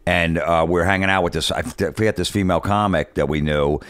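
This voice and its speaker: Deep-voiced New guy telling stories. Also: steady tone, fairly quick, fairly bright tone, dry recording. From New York. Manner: rambling anecdotes, acts out other people's lines. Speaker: guest comedian. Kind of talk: casual storytelling chat.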